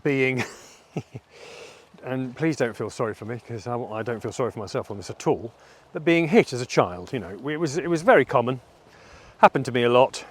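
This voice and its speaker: A middle-aged man speaking in a personal vlog monologue, candid and self-reflective with a halting delivery. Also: mid-range voice, animated, slightly rough. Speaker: vlogger.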